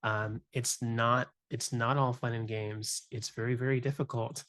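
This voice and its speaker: A man's voice: mid-range voice, flat delivery, measured pace, a bit bright. A young adult man, a music teacher, talking earnestly and reflectively on a podcast, often adding "you know" and "right?". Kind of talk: candid podcast conversation.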